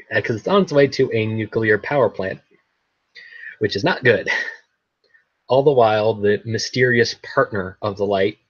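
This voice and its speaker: Rambling young man, husky dull-sounding recap. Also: on the low side, no echo. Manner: rambling, laughs often, repeats words. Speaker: podcast host recapping an episode. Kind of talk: casual recap chat.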